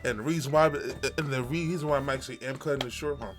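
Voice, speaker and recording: A man's voice: medium pitch, quick pace. A man hosting a reaction video, laughing often and chiming in casually over the clip.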